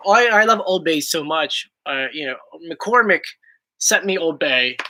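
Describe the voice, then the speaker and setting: A man's voice: fairly high pitch, animated, unhurried, sharp tone, poor audio. A young man hosting a casual chat, rambling playfully and reading viewer questions aloud. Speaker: YouTube host.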